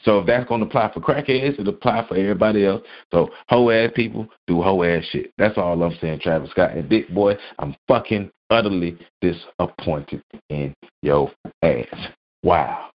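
A man's voice: deep voice, normal speed. A man hosting a solo podcast, ranting bluntly and profanely, repeating phrases to mock. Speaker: podcast host. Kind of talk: solo opinion rant. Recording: dull lo-fi audio.

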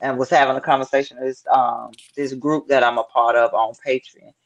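A woman's voice: extremely low pitch, brisk, highs cut off. A woman co-hosting a casual talk show, often echoing and exclaiming. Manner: echoes the other host, exclaims, lively. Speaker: podcast co-host. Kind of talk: casual chat.

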